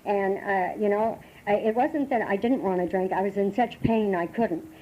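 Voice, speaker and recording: Halting older woman on an old tape. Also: medium pitch. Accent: American. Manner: halting, emotional storytelling with many restarts and fillers. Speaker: AA meeting speaker. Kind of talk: personal recovery talk. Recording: dull lo-fi 1980s meeting tape with faint hiss.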